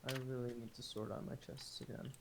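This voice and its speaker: A man's voice: mid-range voice, little pitch movement, fairly quick, gravelly, background noise. A man chatting casually while gaming with friends, making dry, laid-back remarks.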